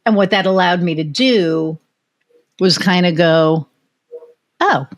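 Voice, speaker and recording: An American woman hosts a podcast in a loose, conversational way. She tells personal stories candidly and swears freely, with a voice sitting a little low for a woman. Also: unhurried. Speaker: podcast host. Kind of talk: casual interview chat.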